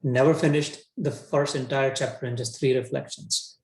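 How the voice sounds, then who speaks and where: A man's voice: medium pitch, steady tone, normal speed, vocal fry. A man teaching a scripture session in a casual, colloquial way, often restarting his sentences. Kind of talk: conversational scripture lecture. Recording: roomy echo.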